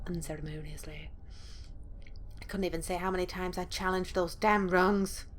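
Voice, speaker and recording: A woman's voice: on the low side, a little hiss or hum. A woman playing through a horror game, reading the story aloud dramatically and breaking in with blunt, profane asides. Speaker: let's play gamer.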